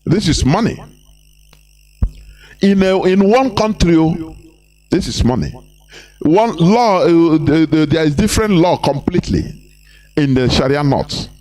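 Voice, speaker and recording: A Nigerian man holding forth on a live broadcast in a fairly high voice, pressing his point with repeated rhetorical questions and restarts. Faint music plays underneath him. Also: lively intonation, a little slow, pauses often, a little mellow. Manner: preachy, repetitive, rhetorical questions, mimicking others. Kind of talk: impassioned live broadcast commentary.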